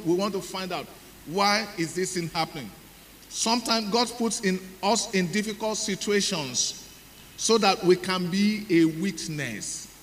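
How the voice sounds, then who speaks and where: A middle-aged Nigerian pastor with a fairly high voice preaches a sermon, telling his story with drama and acting out each exchange. His voice rings through a reverberant hall, with faint noise underneath. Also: fairly bright tone. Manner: dramatic storytelling, acts out dialogue.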